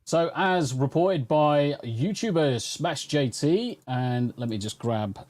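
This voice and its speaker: A man hosting a casual commentary stream, his voice lively and moving over a wide range. He talks in a profane, joking manner, reading out stories and reacting to them. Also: on the high side, slow. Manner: profane, joking, reads news aloud. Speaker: podcast host.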